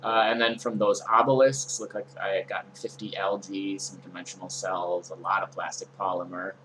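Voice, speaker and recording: A young man streaming a game, talking through his inventory in a relaxed, meandering way with frequent ums and uhs. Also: low-pitched, moderate pace, slight background noise, low-quality recording. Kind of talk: casual let's-play commentary.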